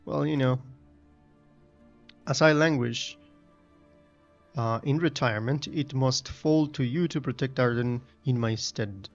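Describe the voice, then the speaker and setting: A man's voice: mid-range voice, a little slow, pauses often, lo-fi sound, soft background music, close to an everyday voice. A man voicing a pompous retired male militia captain in a video game, with formal, lofty speech.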